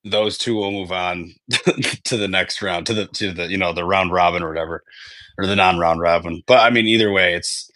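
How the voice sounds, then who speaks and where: Sports podcast dude rambling and swearing, lowish voice, super dry sound. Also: male voice, fairly even intonation, moderate pace, sharp tone, no room sound. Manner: rambling, profane, self-correcting. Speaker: podcast host. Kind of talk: casual sports chat.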